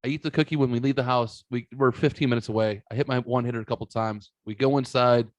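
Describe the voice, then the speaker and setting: Profane, animated male podcast host. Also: mid-range voice, fast talker, no echo. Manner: profane, animated storyteller acting out quotes. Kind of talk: casual storytelling.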